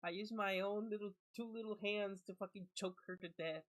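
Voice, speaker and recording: Excitable slangy male game streamer. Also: sits high, moderate pace, no room sound, rough recording. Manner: excitable, slangy, exclaiming, switches between English and Spanish. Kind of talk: casual gameplay reaction chat.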